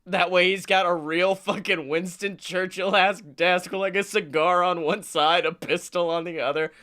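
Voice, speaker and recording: A man co-hosting a comedy podcast, telling animated stories, acting out quotes and laughing often. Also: sits high, moderate pace. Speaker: podcast co-host. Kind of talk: casual comedic storytelling.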